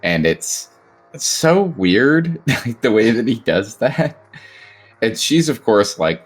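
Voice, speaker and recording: Deep-voiced man with blunt jokey asides. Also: sing-song, takes it slowly, faint music behind. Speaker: podcast co-host. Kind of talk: casual film-review chat.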